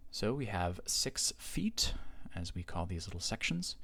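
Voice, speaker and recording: Male teacher, lowish voice, patient explanatory delivery for a slideshow lecture. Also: no room sound. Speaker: Greek teacher. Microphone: voice-over on slides.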